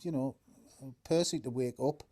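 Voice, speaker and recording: A man with a Geordie accent co-hosting a casual chat, rambling and halting, filling his stories with "you know". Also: mid-range voice, warm tone. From North East England. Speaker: co-host.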